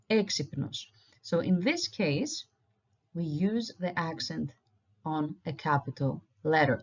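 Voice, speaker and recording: A woman teaching an online language lesson, patiently repeating each word slowly for learners. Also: on the low side. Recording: dull lo-fi recording.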